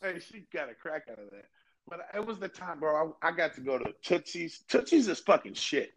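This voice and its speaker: A man's voice: on the high side, sing-song, fairly quick, a bit bright, slight background noise. A young man co-hosting a podcast, telling rambling, profanity-laced stories in casual chat. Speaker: podcast co-host.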